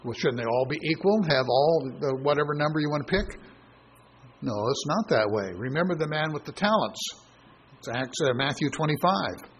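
A man giving a sermon as a Bible teacher. He reasons aloud through scripture, pauses on fillers and voices imagined objections. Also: a little high, expressive, slight background noise, rough recording.

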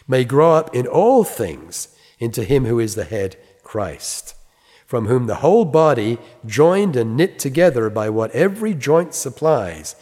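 A man preaching a sermon, reading scripture slowly and with emphasis, then explaining it in a plain, conversational way. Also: medium pitch, sing-song, darkish tone. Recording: long reverb.

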